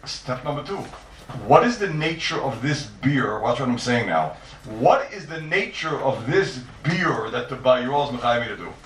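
A man's voice: medium pitch, a bit bright, slight background noise. A man teaching a Talmudic lecture, emphatic and repetitive, posing rhetorical questions and stressing his points. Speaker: Torah teacher. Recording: echoey room, distant mic.

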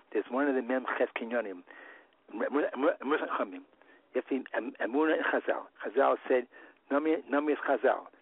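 A man giving a Torah lesson, halting and repeating himself with many restarts. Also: mid-range voice, creaky, breathy edge, no echo. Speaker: religious teacher. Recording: phone-like line.

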